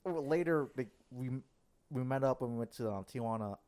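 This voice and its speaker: A male podcast host with a mid-range voice tells an embarrassing story during casual chat at a normal speed. He's animated and laughs often as he talks.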